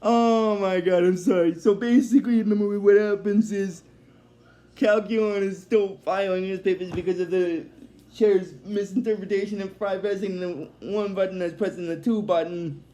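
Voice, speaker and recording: A man's voice: sits high, fairly even intonation, moderate pace, mellow. A man casually recapping a cartoon episode, rambling and hesitant with many fillers, apologizing when he drifts.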